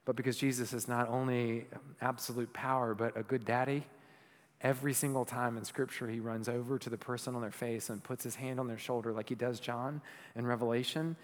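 A male pastor preaching a sermon, moving between loud emphatic passages and soft, hushed ones. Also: medium pitch, steady tone, brisk, big-room sound. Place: church.

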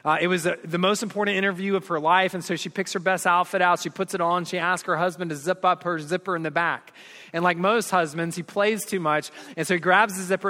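A man's voice: high voice, brisk. Preaching man in a reverberant hall. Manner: storytelling preacher, builds up and drops to soft earnest tones. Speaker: pastor. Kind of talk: sermon.

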